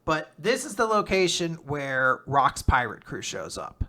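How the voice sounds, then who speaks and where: Excitable bright-voiced man recapping manga. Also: a little high, unhurried. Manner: excitable, laughs often, swears, jumps into voices for characters. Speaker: podcast co-host recapping manga. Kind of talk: casual chat, animated retelling with quick voiced quotes.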